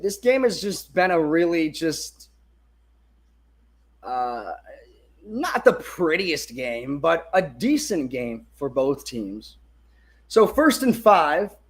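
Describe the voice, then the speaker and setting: Holding his phone in his hand, a high-voiced fan streamer does excited live watch-along commentary on a sports game. He's excitable and swears freely, lurching from hyped shouting to quiet muttered asides.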